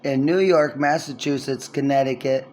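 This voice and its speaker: A man in his sixties talking to camera in a long rambling monologue, swinging from low mutters to loud outbursts, indoors in his apartment building. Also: normal speed, slight background noise. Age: 60s. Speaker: vlogger.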